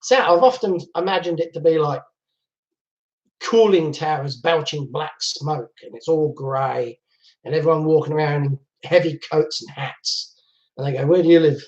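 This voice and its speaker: A man's voice: on the high side, normal speed. Chatty man hosting a lo-fi livestream. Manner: chatty, reads out viewer comments, laughs often. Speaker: livestream host. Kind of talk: casual live chat. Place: at home. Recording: dull lo-fi livestream audio.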